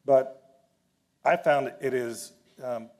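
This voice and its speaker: A man's voice: medium pitch, fairly even intonation, takes it slowly, dark tone. Guy asking questions at a banquet panel, ums and false starts, plain voice. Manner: searching for words, restarts. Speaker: interviewer. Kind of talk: onstage interview at a dinner event. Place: hotel banquet room.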